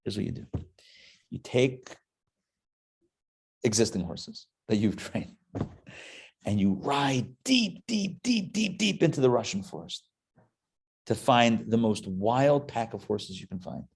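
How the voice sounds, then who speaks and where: A homesick male Kazakh prisoner, voiced by a man telling a story. He speaks low and hushed at first, then builds into an excited, rising telling. The voice carries a middle pitch for a man. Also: takes it slowly, creaky, long pauses, breathy edge, full character voice. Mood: rousing. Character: grieving male Kazakh prisoner praising horses.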